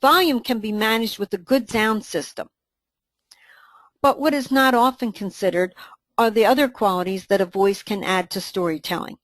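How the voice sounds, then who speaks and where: A woman co-presenting a training webinar, reading a scripted dialogue in an even, instructive way. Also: medium pitch, moderate pace, dry recording.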